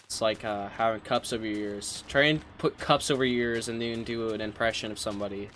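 A man's voice: fairly low pitch, steady tone, fairly quick, fairly bright tone, a little hiss or hum. Crude, self-mocking male streamer. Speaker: game streamer. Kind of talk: casual livestream commentary. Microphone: headset. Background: game music.

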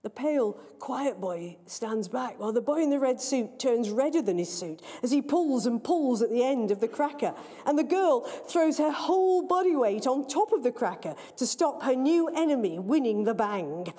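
A woman author reading her own story aloud, in a lively, playful storytelling manner, in a large library hall. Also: high-pitched, normal speed. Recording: long reverb of a large hall.

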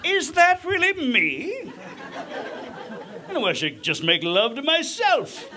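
A male comedian playing a vain, self-adoring muscle-bound dancer in a high, drawn-out swooning voice. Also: huge pitch swings, crowd noise, heavily acted.

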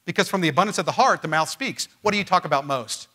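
A man preaching a sermon as pastor, emphatic and swinging from loud, rising lines to quiet ones. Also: high voice, fast. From Missouri. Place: church.

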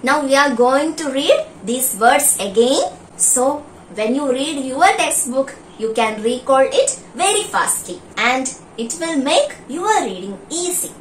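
A woman's voice: sits high, animated. A woman teaching an online primary school class, reading a story aloud and coaxing children through a list of words. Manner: slow, deliberate, coaxing, questions to children. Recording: roomy and distant, faint background hum.

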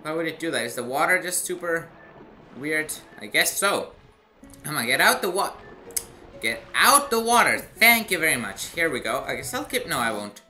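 A man's voice: fairly high pitch, very animated, normal speed, pushed and bright, soft background music. A man doing casual gameplay commentary, chatty with self-mocking asides. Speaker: let's play gamer.

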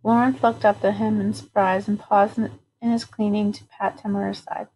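A woman narrating a novel aloud at a steady, even pace. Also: medium pitch, normal speed, a little hiss or hum, poor audio. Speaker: audiobook reader.

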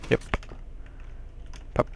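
A man giving casual let's-play commentary on a puzzle game, excitable and quick to exclaim when things go wrong. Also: a little hiss or hum. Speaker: gameplay commentator.

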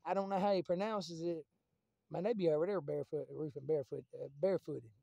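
Man vlogger, high mellow voice, loose profane rambling. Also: fast talker, vocal fry, no room sound, muffled recording. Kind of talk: casual rambling monologue to camera.

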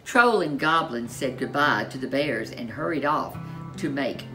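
A woman reading a children's storybook aloud as narrator, in an expressive, unhurried way. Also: a bass voice, over music.

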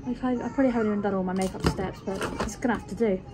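A woman's voice: medium pitch, fairly even intonation, racing, noisy background. A young woman, chatting casually to camera in a rambling vlog style. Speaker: vlogger.

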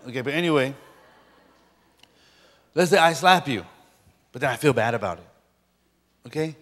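A man's voice: medium pitch, lively intonation, moderate pace, long pauses, fairly bright tone, long reverb tail. A man preaching a sermon as a pastor, joking playfully with his audience. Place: large lecture hall.

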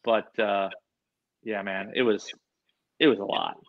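A man, an animal expert, telling animated, slangy stories in a casual interview, full of "dude" and "like". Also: fairly low pitch, a little slow, highs cut off. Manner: animated, excitable, slangy, says "dude" and "like" a lot. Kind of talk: casual storytelling in a podcast interview.

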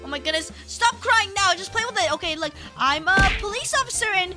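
A chatty young-sounding woman acts out a fretful soon-to-be mother in a casual game role-play. Her voice is extremely high and bounces up and down. Loud music plays under her voice chat. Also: lively intonation, fairly quick. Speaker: channel host playing an expectant mother.

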